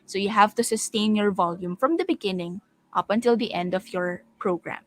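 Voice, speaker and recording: A woman giving an online lecture on voice and speaking skills for teachers, speaking with clear, deliberate delivery and stressing her examples. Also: medium pitch. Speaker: webinar speaker on voice training for teachers.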